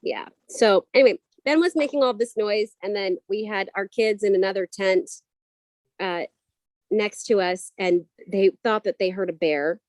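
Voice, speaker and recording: Co-hosting a relaxed livestream, this woman in her thirties tells family stories in a chatty way, tossing in quick asides. Her voice is medium in pitch with a darkish tone, and there's no echo.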